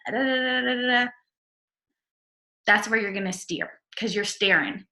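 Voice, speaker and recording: A woman's voice: on the high side, normal speed, pauses often, pushed and bright, reverberant. A woman giving an earnest, encouraging mindset talk on a video call, repeating her key phrases. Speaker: network marketing leader.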